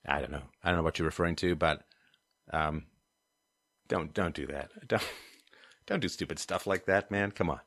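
A man hosting a livestream, reading viewer comments and ranting sardonically, swinging between low mutters and loud outbursts. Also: normal speed, pauses often. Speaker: host of a call-in and live-chat show.

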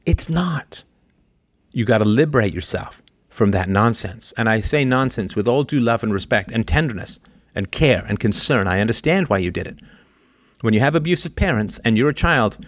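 A man holds forth on a livestream, mid-pitched and sure of himself. He hammers his points with repetition and throws in sarcastic asides. The sound is dry and close, with no room echo. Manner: emphatic and lecturing, repeats his punchlines; sarcastic asides, big swings between loud and low. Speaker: livestream host answering listener questions. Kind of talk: opinionated call-in monologue.

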